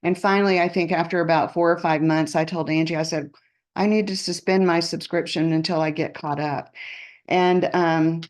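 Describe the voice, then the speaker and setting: Woman on a video call telling a story, kinda low voice, chatty, does little voices for quotes. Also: steady tone, moderate pace. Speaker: guest on a team call. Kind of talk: casual storytelling.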